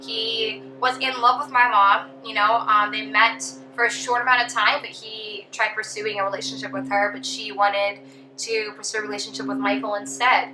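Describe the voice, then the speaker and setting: A woman's voice: mid-range voice, little pitch movement, normal speed, bright, forceful tone, echoey room, soft background music, low-quality recording. A young woman casually telling a personal story as a vlogger, chatty with lots of ums and you knows.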